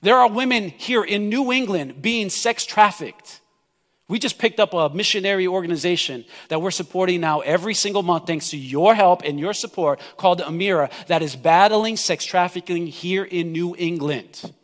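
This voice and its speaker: A pastor delivers an impassioned sermon in a fairly high voice, rising to pleading cries and dropping to near-hushed stretches. His words ring out with a long reverb from a church hall. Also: normal speed.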